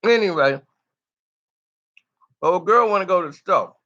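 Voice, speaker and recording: A man's voice: sits high, expressive, a little slow, pushed and bright, lo-fi sound. A man telling a story in casual street slang, loose and chatty, often tossing in "you know".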